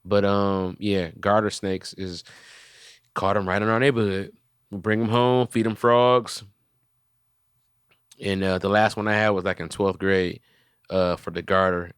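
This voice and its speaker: Bright, smooth-voiced male podcast host. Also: deep voice, no echo, studio quality. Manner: animated storytelling, swears freely. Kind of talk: casual comedic chat.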